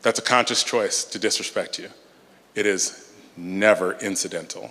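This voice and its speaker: Low-voiced man speaking in a reverberant hall. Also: steady tone, sharp tone. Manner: measured, emphatic speaker. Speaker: conference speaker. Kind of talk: Q&A talk at a church conference. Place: large hall.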